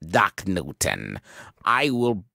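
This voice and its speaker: Man putting on a cold menacing entity, deep and very slow, dry sound. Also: wildly swooping pitch, gravelly, sharp tone, dry recording, full character voice.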